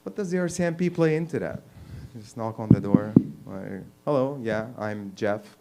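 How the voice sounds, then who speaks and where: Rambling male comedy host, mid-pitched. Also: sing-song, moderate pace, creaky, heavy background noise. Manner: rambling, laughing at his own jokes, stumbling restarts. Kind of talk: stand-up comedy and hosting. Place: small comedy venue with audience.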